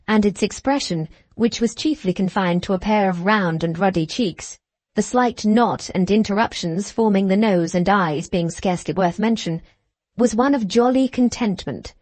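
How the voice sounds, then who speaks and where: A woman's voice: mid-range voice, darkish tone, no echo. Woman narrating a classic novel. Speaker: audiobook narrator.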